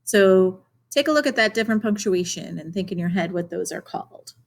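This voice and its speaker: Teaching children over a remote lesson, a young woman speaks clearly and encouragingly, asking questions throughout like she would in a classroom. Her pitch is medium, her intonation lively, and her delivery brisk.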